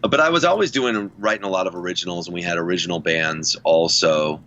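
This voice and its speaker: A man's voice: sits low, fast, sharp tone, dull audio, slight background noise. A middle-aged man from the United States, a musician guest on a podcast, telling long, rambling stories and laughing often. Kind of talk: casual podcast interview.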